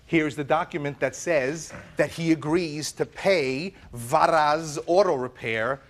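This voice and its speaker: A man testifying as plaintiff in a television courtroom. He tells his story dramatically, acting out the lines of the people involved. His voice sits a little high for a man. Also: slow, slight background noise. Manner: dramatic, acts out quoted dialogue. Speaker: plaintiff in small claims court.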